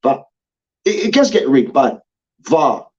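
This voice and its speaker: A man's voice: medium pitch, big pitch swings, takes it slowly, highs cut off. A man hosting a heated sports debate show, ranting and swearing, repeating his points and mocking people with chants.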